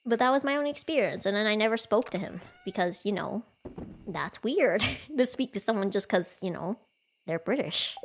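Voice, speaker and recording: A woman's voice: medium pitch, animated, moderate pace, slight background noise. A woman streaming a cozy farming game from home, chatting casually with her viewers, giggling often and poking fun at herself. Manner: chatty, giggly, self-deprecating.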